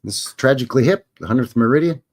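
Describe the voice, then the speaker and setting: A man's voice: medium pitch, expressive, fast talker, darkish tone. A man with a Canadian accent hosting a livestream Q&A in a loose, joking, meandering way. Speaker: livestream host. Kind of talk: casual rambling livestream chat.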